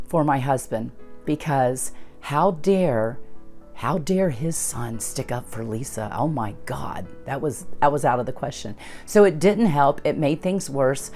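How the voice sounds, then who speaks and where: Woman host with a low voice, recounting personal events casually, faint music underneath. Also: darkish tone. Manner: conversational, retells events with quoted dialogue. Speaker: channel host. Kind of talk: personal storytelling.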